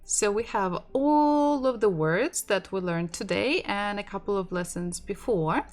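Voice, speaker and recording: A woman, a native Russian speaker, leads an online language lesson at an unhurried, deliberate pace. Her voice sits in a middle pitch, and she repeats each sound several times with patient care. Soft music plays faintly behind her. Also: animated. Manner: patient, repeats sounds and words slowly for practice; chatty asides with light laughs. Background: faint background music.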